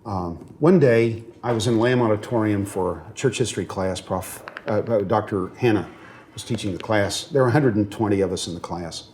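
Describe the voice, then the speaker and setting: His voice is fairly low and a little mellow, delivered at a moderate pace over slight background noise. As a seminary professor in a classroom, he lectures earnestly, turns emotional when points move him, asks whether students are following, and frequently restarts or fills pauses.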